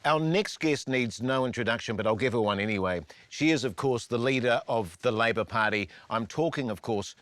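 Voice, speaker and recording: A man's voice: mid-range voice, brisk, hardly any pauses, fairly bright tone, dry recording. Chirpy New Zealand TV presenter man. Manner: chirpy, overly earnest presenter patter. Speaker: comedy show co-host. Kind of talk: mock-earnest TV presenting.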